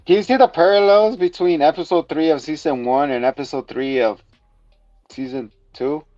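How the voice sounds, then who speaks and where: A man's voice: a little high, moderate pace, a little mellow, dry recording, faint music behind. Joking male podcast host, lo-fi sound. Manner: joking, rambling, playful. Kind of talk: casual comedic review chat.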